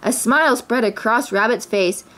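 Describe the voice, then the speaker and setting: A woman reads a children's storybook aloud. Her narration is clear and expressive, with a somewhat high voice. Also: moderate pace. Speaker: parent reading aloud.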